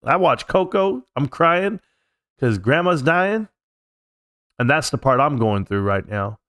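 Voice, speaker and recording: A man's voice: fairly high pitch, sing-song, a little slow, fairly bright tone, no room sound, clean studio sound. A man hosting a casual live stream from home, talking in a rambling, heartfelt, reflective way. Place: at home, alone.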